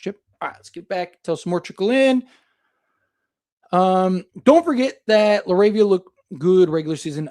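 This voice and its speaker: Rambling man on a basketball stream. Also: fairly high pitch. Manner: rambling, filler-heavy, thinks aloud. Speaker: sports podcast host reading super chats. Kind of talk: casual live-stream basketball talk.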